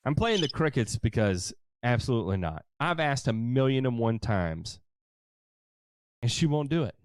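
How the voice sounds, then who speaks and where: A man's voice: mid-range voice, big pitch swings, moderate pace, noisy background. Chatty man joking through viewer comments. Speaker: lawn care show host. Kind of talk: casual livestream chat reading.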